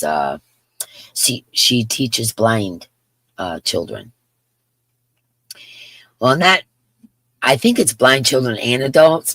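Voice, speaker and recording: Her voice is extremely low and gravelly, with no echo, as this fifties-aged crafter chats on her crochet livestream. She wanders from topic to topic and reads out comments from her viewers.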